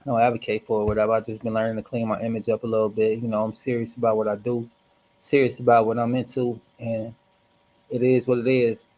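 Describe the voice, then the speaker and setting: A man hosting a casual livestream, reflective and rambling, hoarse from smoking and clearing his throat often. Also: medium pitch, monotone, fast, a little mellow, low-quality recording. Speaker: host.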